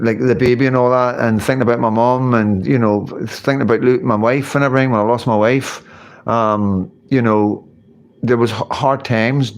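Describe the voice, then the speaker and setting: A middle-aged man with a Northern Irish accent, hosting a casual livestream chat, rambling, swearing and asking "you know what I mean". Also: mid-range voice. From Northern Ireland. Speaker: livestream host.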